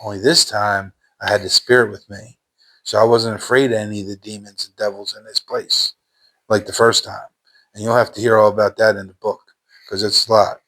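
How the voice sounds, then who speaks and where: A man's voice: lowish voice, flat delivery, brisk, a bit bright. A man telling his personal faith testimony in a fervent, emphatic way, repeating phrases in casual everyday speech.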